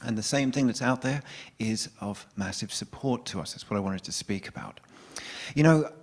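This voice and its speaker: A man in his forties talks to a church gathering in a loose, conversational way. His voice sits slightly low, and he often backs up and restarts a thought mid-sentence. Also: moderate pace. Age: 40s. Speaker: guest spiritual speaker.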